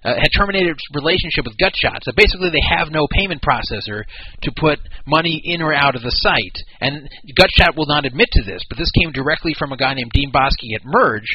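A man's voice: fairly high pitch, expressive, fast talker, dull audio. A man hosting a talk show, explaining and criticizing a business in casual commentary. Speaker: podcast host.

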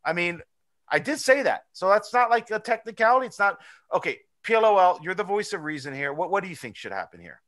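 A man with a high, bright voice hosts a loose podcast conversation. He talks in an animated, rambling way, swearing freely as he argues his point. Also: quick pace. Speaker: podcast host. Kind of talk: casual chat.

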